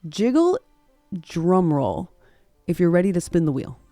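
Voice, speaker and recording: A woman's voice: on the low side, moderate pace, dark tone, dry recording, faint music behind. A woman streaming a cozy game live, gushing thanks to her viewers and laughing often.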